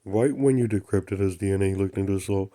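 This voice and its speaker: With a little hiss or hum in the recording, a deep-voiced man talks briskly on his own channel. He rambles through a spiritual story in broken grammar, chanting repeated affirmations and occasionally dropping to soft murmurs with no voicing.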